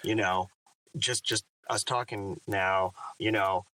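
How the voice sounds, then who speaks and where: Male audiobook narrator, bright tone, reflective and lively in conversation. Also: on the low side, takes it slowly, recorded from a distance, rough recording. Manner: thoughtful, animated. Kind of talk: reflective interview talk.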